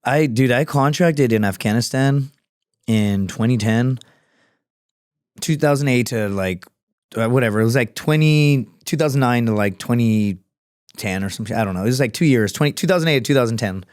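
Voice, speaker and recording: Here the same podcast guest, a comedian in his thirties who once served as a Marine scout sniper, speaks at a normal pace in a middle-pitched, slightly mellow voice. His casual storytelling rambles, veers off on sudden tangents and is laced with profanity. The sound is close and dry, with no echo.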